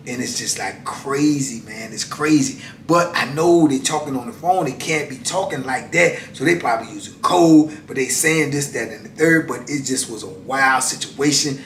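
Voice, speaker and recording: A man in his fifties spinning a long story in a loose, animated way, peppering it with "man" and "you know." His voice sits at an everyday pitch and sounds a little distant from the mic. It bounces around an echoey room over a faint background hiss. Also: normal speed, few pauses. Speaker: channel host telling prison stories. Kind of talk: casual storytelling.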